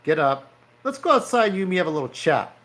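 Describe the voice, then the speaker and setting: A man's voice: high-pitched, sing-song, fast, a bit bright, voice pushed up. A man voicing a stern male police officer who gives curt commands.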